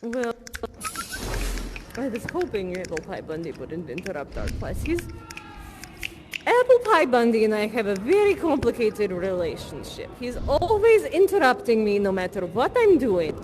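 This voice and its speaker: A woman's voice: fairly high pitch, sing-song, normal speed, darkish tone, a little hiss or hum. A woman playing an eccentric acting teacher with a non-American accent, chatty and rambling as she earnestly teaches. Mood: annoyed, gossipy. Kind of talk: improvised live theatre performance.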